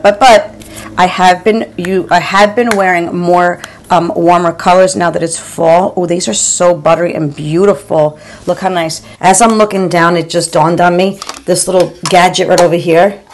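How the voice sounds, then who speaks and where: A woman's voice: fairly low pitch, a little hiss or hum. Chatty woman vlogger reviewing makeup. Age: 40s or 50s. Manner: chatty, talks to viewers as "girl", stammering repeats. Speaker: beauty vlogger. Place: home room.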